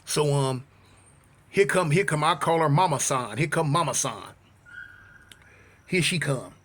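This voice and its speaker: A man's voice: fairly high pitch, a little slow. A man telling a wild street story casually, full of slang, dramatic asides and acted-out dialogue. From United States. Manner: animated, slangy, dramatic retelling.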